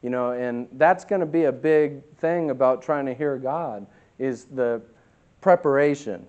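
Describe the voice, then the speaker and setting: A man pastor teaching a Bible study in a casual, conversational way, with many fillers and lively bursts of emphasis. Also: medium pitch, a little slow, dull audio. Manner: conversational, many fillers, reads scripture aloud; animated, acts out voices with bursts of emphasis.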